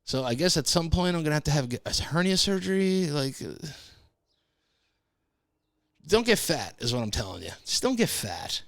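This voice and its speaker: A man's voice: on the high side, big pitch swings, moderate pace, long pauses, no echo, studio quality. A man hosting a podcast, telling a casual rambling story and cursing freely. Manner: rambling, swears freely, laid-back storytelling. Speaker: podcast host. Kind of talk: casual monologue.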